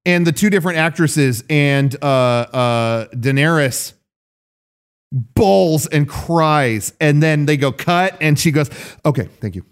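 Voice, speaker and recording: A man's voice: a little high, slow, smooth. A young man co-hosting a podcast, chatting casually and rambling through anecdotes with many fillers and restarts. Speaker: podcast co-host. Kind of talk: casual chat.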